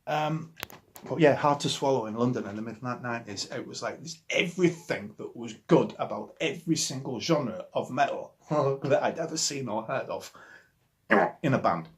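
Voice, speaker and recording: A man's voice: medium pitch, animated, normal speed. A man in his forties with a Yorkshire accent, a musician talking casually and enthusiastically about the records that shaped him. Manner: enthusiastic and rambling, with frequent restarts. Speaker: musician guest.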